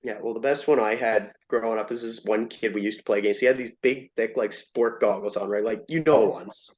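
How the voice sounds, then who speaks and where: Animated storytelling man, dull lo-fi sound. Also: lowish voice, a little fast. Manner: animated, acts out quoted lines in raised voice. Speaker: interview guest, former player and coach. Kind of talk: casual storytelling.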